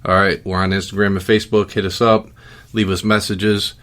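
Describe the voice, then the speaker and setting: A middle-aged man with a low voice hosts a podcast in easygoing chat. He rambles loosely and leans on "um" and "you know" between thoughts. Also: a little fast. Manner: relaxed, rambling with many fillers. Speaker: podcast host.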